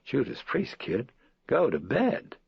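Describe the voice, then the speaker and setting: A man's voice: medium pitch, wildly swooping pitch, slow, creaky, slightly rough, no room sound, muffled recording, pitched above the performer's own voice, exaggerated voice. A man voicing a tired, wry mother muttering to herself in an audiobook. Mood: weary. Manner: dry, muttered inner asides.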